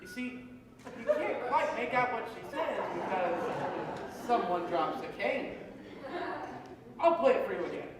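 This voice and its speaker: Rambly nostalgic fan talking to the crowd, boomy stage, far from mic. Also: male voice, sing-song, a little slow, very echoey. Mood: confiding. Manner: confiding, rambling monologue. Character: wistful, chatty middle-aged musical fan. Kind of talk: stage monologue to the audience.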